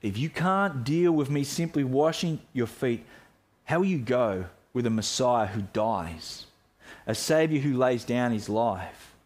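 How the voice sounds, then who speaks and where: Male pastor mid-sermon. Earnest and reflective, mid-pitched, restarts phrases. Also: expressive, unhurried, a little mellow.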